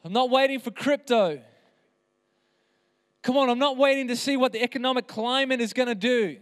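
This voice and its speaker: A man's voice: very high-pitched, moderate pace, fairly bright tone, clean tone. A man preaching an impassioned sermon as pastor, with emphatic repeated phrases. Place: church hall. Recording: reverberant hall.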